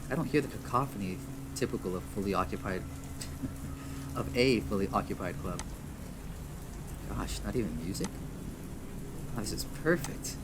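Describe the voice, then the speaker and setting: A man with a fairly low voice reads the text of a visual novel aloud. He often trips over words, restarts his lines and chuckles at his own slips. A faint background hiss sits under the whole recording. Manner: stumbles, restarts, chuckles at himself. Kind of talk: reading game text aloud with asides.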